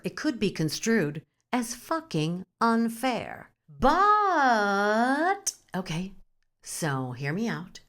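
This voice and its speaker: A woman hosting a podcast, giving a comedic spiritual monologue in a playful, sassy way, swearing freely and using pet names. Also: mid-range voice. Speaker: podcast host.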